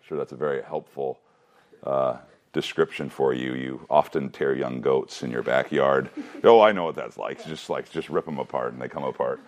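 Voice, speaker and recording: A man's voice: a bass voice, moderate pace. A man teaching a Bible class, mixing reading with joking asides and questions to the students.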